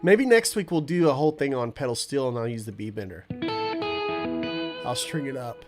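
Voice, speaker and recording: A man's voice: mid-range voice, expressive, normal speed, loud music behind the voice. A man hosting a casual livestream, stuffy from a cold, talking in a laid-back, rambling way and answering viewer chat. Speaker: livestream host and guitarist.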